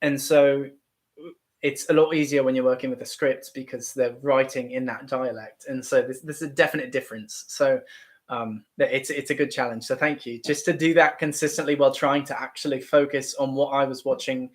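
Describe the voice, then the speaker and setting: A man's voice: medium pitch, steady tone, fairly quick. A young man with a Midwestern American accent, hosting a casual livestream chat and talking things through with many restarts. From Ohio, United States. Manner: thoughtful, rambling with many restarts. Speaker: YouTube livestream host.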